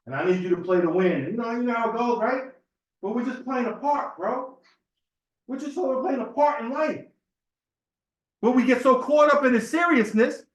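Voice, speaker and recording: High-voiced man preaching in an echoey hall. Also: fairly bright tone. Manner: conversational, storytelling, asks the room "right?". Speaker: temple speaker. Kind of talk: informal sermon talk. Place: temple meeting hall.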